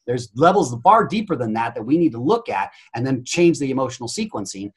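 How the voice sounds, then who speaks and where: A man's voice: medium pitch, animated, a little fast, slightly rough. A man speaking as a coaching guest on a podcast, blunt, emphatic and full of energy, swearing freely. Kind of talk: energetic interview talk.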